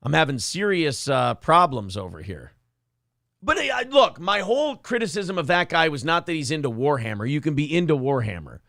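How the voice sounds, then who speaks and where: Gravelly-voiced man hosting crude chat. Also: a little high, big pitch swings, moderate pace, a bit bright, no room sound, clean studio sound. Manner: crude, joking, self-mocking. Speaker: morning show host reading live chat. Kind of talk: casual profane chat.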